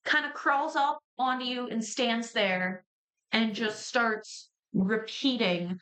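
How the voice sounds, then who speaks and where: A woman serves as game master, narrating a tabletop fantasy scene in a casual, lightly descriptive way. Her voice sits a little high, and she pauses as she describes things. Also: a bit bright.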